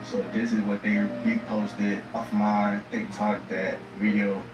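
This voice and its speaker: Laid-back man over loud guitar. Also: fairly low pitch, level tone, slow, lo-fi sound. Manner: casual, defensive, slangy. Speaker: content creator. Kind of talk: casual explanatory clip. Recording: echoey distant clip over loud guitar music.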